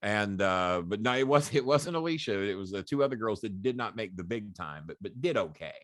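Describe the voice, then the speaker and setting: A blunt middle-aged man from the American South spins long personal tales in loose, profane talk, laughing along the way. His voice sits on the low side. The sound is close and dry, with no room around it. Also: animated, fairly quick, a bit bright, dry recording. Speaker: guest. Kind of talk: casual storytelling. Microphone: podcast call.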